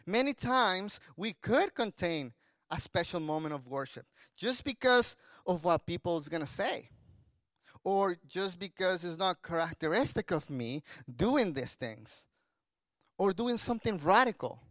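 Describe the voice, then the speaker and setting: High-voiced pastor preaching a sermon. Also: male voice, sing-song, measured pace, fairly bright tone, no room sound.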